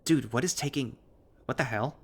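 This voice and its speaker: A man voicing a stout, laid-back male fennec with a calm, lackadaisical tone, in a visual novel reading. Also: mid-range voice, moderate pace, voice pushed up, close to an everyday voice. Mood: alarmed.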